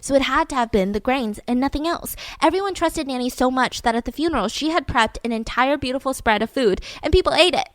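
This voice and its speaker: A woman hosting a podcast, telling a true-crime story in a casual, animated way with lots of "like". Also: sits high, fast talker, hardly any pauses, no room sound. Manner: chatty, animated, peppered with "like". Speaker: podcast host.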